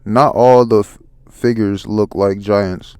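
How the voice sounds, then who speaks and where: A man reading out a goofy, excitable man's comic lines in his own voice. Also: on the low side, slow pace, smooth, no echo. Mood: curious. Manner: plain read-aloud voice.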